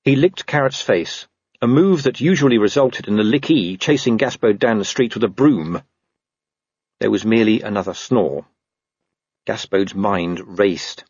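Male audiobook narrator, wry and animated; dry close mic. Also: mid-range voice, slightly rough, dry recording, muffled recording. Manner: lively, wry storytelling. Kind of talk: scripted narration of a comic fantasy novel.

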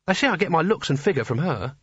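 A fierce young woman thief, blunt and brusque, as a male narrator puts her on, her lines lifted higher than his own voice. The tone is husky, and the recording sounds dry and slightly dull. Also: sing-song, fast, a bit bright, no echo, heavily acted. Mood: confiding. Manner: brusque, curt.

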